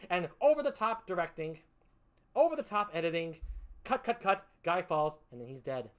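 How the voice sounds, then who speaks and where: A woman's voice: on the low side, big pitch swings, moderate pace. A woman comedian doing a stand-up routine, profane, exasperated and mocking as she picks apart a film.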